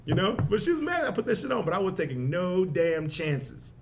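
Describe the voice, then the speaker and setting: A man hosting a podcast, telling profane, animated stories in casual chat, laughing often. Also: sits high, normal speed, vocal fry. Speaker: podcast host.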